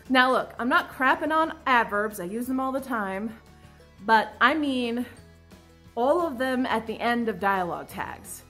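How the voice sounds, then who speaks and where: A woman's voice: a little high, fairly bright tone. A woman in her twenties vlogging casually about her own writing, dramatic and self-mocking, laughing often, with mock-anguished outbursts. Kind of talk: casual confessional vlog.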